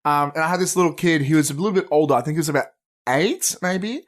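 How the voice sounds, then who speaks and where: A man's voice: fairly high pitch, quick pace. A man co-hosting a movie podcast in casual chat, rambling and swearing freely as he tells stories. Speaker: podcast co-host.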